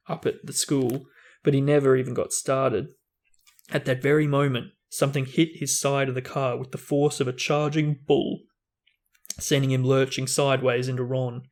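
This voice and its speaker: A man hosting a book discussion, reading a novel aloud expressively and now and then repeating a word. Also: mid-range voice. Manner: expressive reading with small restarts.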